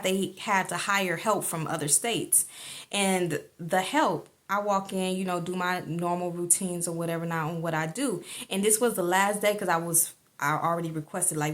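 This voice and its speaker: A woman's voice: on the low side, a bit bright. A woman telling a personal story in a rambling, colloquial way, full of fillers and asides. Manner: rambling, colloquial, many fillers like "or whatever not". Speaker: vlogger sharing a personal testimony. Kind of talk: casual storytelling.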